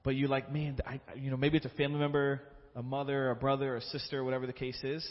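A man's voice: mid-range voice, monotone, fast talker. A man speaking in church at offering time, telling an earnest, emotional story and then leading a prayer. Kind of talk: sermon testimony and prayer. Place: church hall. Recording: dull sound in a reverberant hall.

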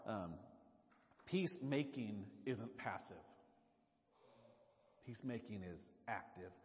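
A man with a Southern US drawl preaching a sermon in a chatty, casual way, often breaking off mid-thought. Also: medium pitch. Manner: casual, chatty, self-interrupting. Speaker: pastor. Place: church sanctuary. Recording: muffled live recording in a reverberant hall.

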